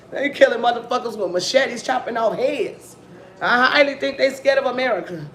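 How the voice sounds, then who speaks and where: A woman hosting a casual commentary stream, telling stories in a rambling, profane, animated way. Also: on the high side, moderate pace. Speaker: host of a news-and-commentary stream. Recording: echoey room, faint background noise.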